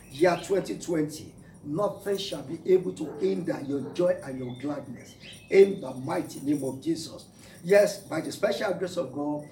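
High-voiced preacher in an echoey hall. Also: male voice, dark tone, slight background noise. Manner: declaring, repeats phrases for emphasis. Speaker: pastor. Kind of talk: sermon. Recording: echoey room, mic at a distance.

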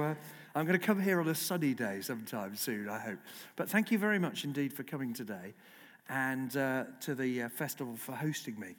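A middle-aged man, a broadcast journalist and guest speaker, telling lively, self-mocking stories at a festival talk. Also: mid-range voice. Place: festival lecture hall. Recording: long reverb in a large hall.

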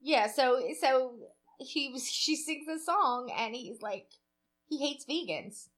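Woman, podcast co-host, higher voice, blunt and profane in casual chat. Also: takes it slowly, fairly bright tone. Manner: swears freely, chatty and opinionated.

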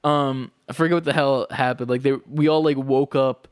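A man's voice: medium pitch, fairly even intonation, normal speed, clear, resonant tone, no room sound, studio quality. Rambling young man, casual chat. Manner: rambling, filler-heavy storytelling.

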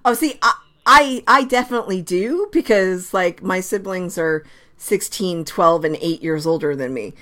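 Brief: female co-host, slightly low voice, chatty and quick with asides. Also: a bit bright. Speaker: podcast co-host. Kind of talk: casual hockey chat.

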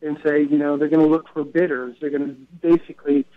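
Heard on a dull, lo-fi radio broadcast, a man who co-founded a record retail event tells chatty stories in an interview, often correcting himself. His gravelly voice is on the high side, fast and fairly even in intonation.

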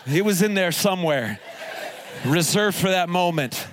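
A man's voice: high-pitched, expressive, measured pace, noisy background. A male pastor preaching live at a camp service, telling funny stories and laughing as he goes. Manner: jokey, laughs through his stories. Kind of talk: humorous storytelling sermon.

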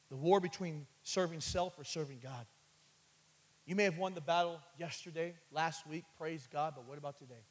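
A man preaching a sermon, calling out "amen" and "catch this" as he builds from quiet asides to loud, high passages. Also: poor audio. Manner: calls for response with "amen" and "catch this".

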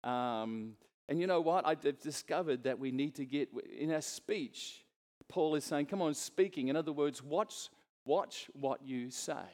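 A man's voice: fairly high pitch, unhurried, darkish tone, big-room sound. A middle-aged man preaching a sermon as a pastor, earnest and conversational, turning to the congregation with asides.

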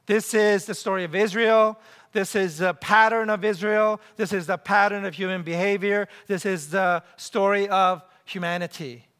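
A man preaching a sermon to his church, animated, acting out scenes and leading the congregation in call-and-response. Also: normal speed, clean tone. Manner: animated, acts out scenes and quotes with big pitch jumps. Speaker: pastor. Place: church sanctuary. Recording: long hall reverb.

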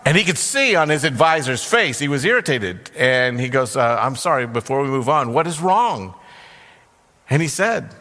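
Male pastor, sermon, bright clear tone, long church reverb, storytelling delivery. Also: mid-range voice, very animated, normal speed. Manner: storytelling, briefly acting out characters' lines.

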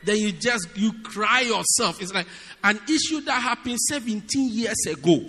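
A man preaching a sermon in an animated, humorous way, often asking his listeners if they get it. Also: high voice, moderate pace. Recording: long reverb of a large hall.

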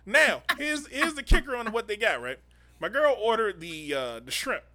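Bright-voiced man telling a story. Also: high-pitched, normal speed. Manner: animated storyteller acting out quoted voices, profane. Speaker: podcast co-host. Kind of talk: casual storytelling chat.

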